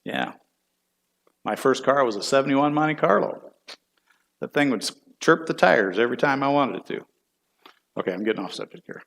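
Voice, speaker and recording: A man's voice: medium pitch, animated, normal speed, vocal fry, pauses often, a bit bright. A middle-aged man, a church elder, teaching a Bible class in a folksy, chatty way and putting questions to the class.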